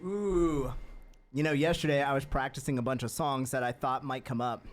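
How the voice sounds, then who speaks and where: A man's voice: mid-range voice, steady tone, normal speed. A man playing song requests on guitar during a charity stream, chatting casually and laughing at himself. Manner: chatty and self-deprecating, often laughing. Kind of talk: casual live-stream chat. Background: his own guitar playing.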